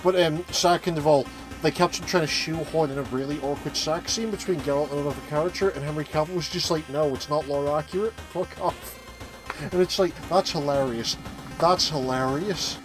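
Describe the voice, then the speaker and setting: A man's voice: a little high, fairly quick, over music, low-quality recording. A man ranting and swearing in a casual chat while playing a video game on stream. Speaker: let's play commentator. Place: home streaming setup. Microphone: streaming microphone.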